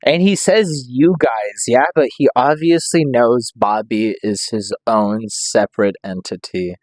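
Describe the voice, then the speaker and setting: A man's voice: mid-range voice, unhurried, darkish tone, no echo, studio quality. A young man giving casual, rambling reaction commentary, joking around and swearing freely. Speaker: reaction streamer.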